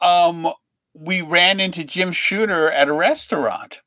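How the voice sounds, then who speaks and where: A middle-aged man, a comic book writer guest, telling anecdotes in a lively way and acting out the lines of the people in them. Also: high voice, measured pace, dry recording. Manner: lively storyteller who acts out other people's lines.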